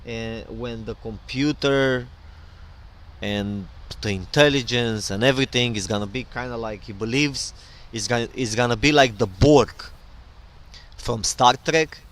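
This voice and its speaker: A man's voice: medium pitch, a bit bright. A middle-aged man hosting his own podcast in a loose, rambling solo monologue full of fillers and digressions. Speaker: podcast host.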